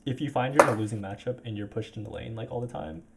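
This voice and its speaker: A man's voice: medium pitch, racing, creaky, heavy background noise. A man coaching a player over a voice call, talking casually with many fillers and restarts.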